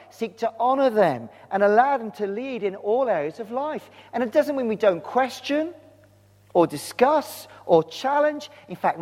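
A man's voice: high voice, darkish tone. A man preaching a sermon, speaking earnestly and putting direct questions to his congregation. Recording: long reverb of a large hall.

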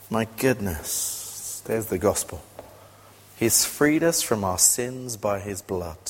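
A man delivering a lively sermon in a church hall, his voice trailing off in a long reverb. He tells stories with animated energy and breaks into sudden loud, excited bursts. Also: medium pitch. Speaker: preacher.

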